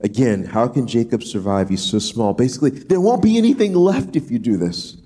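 A man preaching an expository sermon, talking it through casually with frequent restarts and acting out quoted pleas. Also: fairly quick. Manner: animated, acts out quoted pleas in a high voice; conversational, repeats words as he thinks aloud. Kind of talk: expository Bible teaching.

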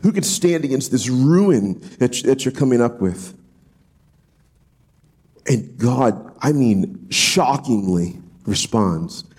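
A man's voice: slow pace, slightly rough. A man preaching an expository sermon, talking it through casually with frequent restarts and acting out quoted pleas. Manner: animated, acts out quoted pleas in a high voice; conversational, repeats words as he thinks aloud. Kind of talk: expository Bible teaching.

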